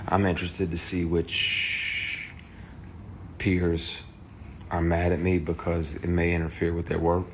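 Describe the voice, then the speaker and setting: A man's voice: low-pitched, monotone, measured pace, pauses often, a little hiss or hum. A man telling a personal story in a candid, profane way, heated and blunt. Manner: profane, heated, shouts in retold quotes. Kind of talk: candid personal account to camera.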